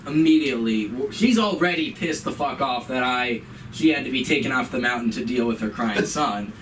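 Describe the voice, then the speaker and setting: A young comedian on an open mic stage tells a story in a steady, mid-pitched voice, now and then raising it to play other people. He sounds a little distant from the mic. The room's ambience is clearly audible behind him. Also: a little fast, slight background noise. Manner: storytelling, acts out his mother in a higher voice. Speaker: stand-up comedian. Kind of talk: stand-up comedy set.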